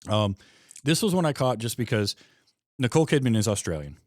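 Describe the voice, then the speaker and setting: A man with a Michigan Midwest accent hosting a podcast, chatting about a film with quick, enthusiastic asides. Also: mid-range voice, sing-song, no echo, studio quality. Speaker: podcast host. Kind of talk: casual film discussion.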